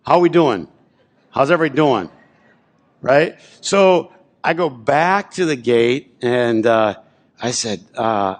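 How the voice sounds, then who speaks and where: A man's voice: medium pitch, animated, slow. A man preaching a sermon as pastor, telling a personal story in a conversational way and often asking the congregation whether they're with him. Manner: conversational, repeatedly checks in with the congregation. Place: church sanctuary.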